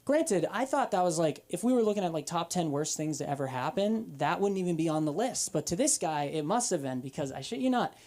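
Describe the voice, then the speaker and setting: Stand-up woman, twenties, crude and animated, with a voice that swoops all over. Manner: profane, animated storytelling with quick pitch jumps. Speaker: stand-up comic. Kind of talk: open-mic stand-up set. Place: comedy club stage.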